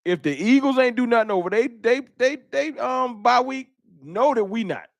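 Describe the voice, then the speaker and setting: A man's voice: extremely high pitch, expressive, moderate pace, creaky, no echo. Guy hosting a fan stream, fed up but laughing it off, dry mic. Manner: frustrated, laughing, reads super chats. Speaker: fan channel host. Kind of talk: casual livestream chat.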